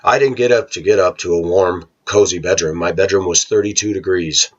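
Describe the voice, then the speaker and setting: A man recounting a childhood story in a casual monologue, animated and acting out the voices of others. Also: low-pitched, a little fast, slightly rough. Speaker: vlogger. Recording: dull lo-fi home recording.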